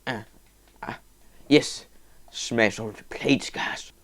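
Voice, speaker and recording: A man giving casual let's-play commentary on a game, rambling and excitable, breaking into sudden high yelps and whoops. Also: drawn-out words, pauses often. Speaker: gaming video host.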